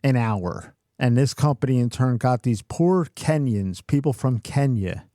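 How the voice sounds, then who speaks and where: A man's voice: mid-range voice, animated, unhurried, warm tone, dry recording, clean studio sound. A middle-aged man co-hosting a podcast, telling a workplace story in a cursing, ranting way. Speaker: podcast co-host. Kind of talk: casual chat.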